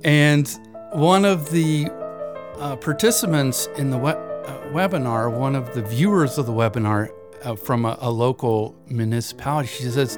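A man casually recounts a story from his work presenting webinars, chatty and loose, with plenty of "uh" and "like" and little laughs along the way. Music plays clearly beneath his voice. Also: medium pitch, moderate pace. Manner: chatty, with fillers and chuckles. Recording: voice over clear background music.

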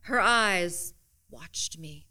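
A woman's voice: fairly low pitch, extremely slow, pushed and bright. A woman reading a first-person story aloud in a wry, dry, matter-of-fact way.

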